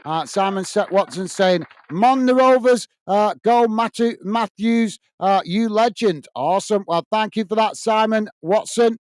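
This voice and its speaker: Chatty high-voiced British fan host. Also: male voice, a little slow, few pauses, no echo. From United Kingdom. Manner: chatty, thanks viewers by name, frequent fillers. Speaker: watch-along host. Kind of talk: live match commentary and chat reading.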